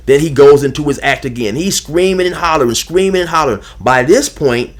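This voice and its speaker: A man's voice: fairly high pitch, animated, brisk, few pauses. An older man with grandchildren telling a personal story to his viewers in a casual, emphatic, conversational way, speaking to them directly.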